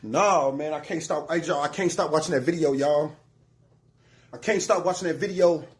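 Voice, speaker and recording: A man's voice: on the high side, moderate pace, slightly rough. A man in an emotional rant video, upset and pleading, repeating himself heatedly.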